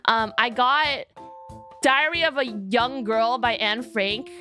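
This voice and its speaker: A woman's voice: a little high, slow, pushed and bright, faint music behind. A young woman streamer chatting casually with her viewers, rambling and giggly with lots of fillers.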